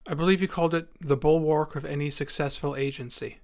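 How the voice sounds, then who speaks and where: A man's voice: fairly high pitch, fairly even intonation, quick pace, a little mellow. Dry, wry male storyteller. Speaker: storyteller and podcast host. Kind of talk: first-person storytelling with acted dialogue.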